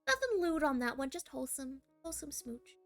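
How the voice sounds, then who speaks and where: A woman's voice: high voice, very animated, fairly quick, soft background music. A woman streamer chatting casually and animatedly, laughing and swearing freely between reading passages. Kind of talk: casual live-stream chat.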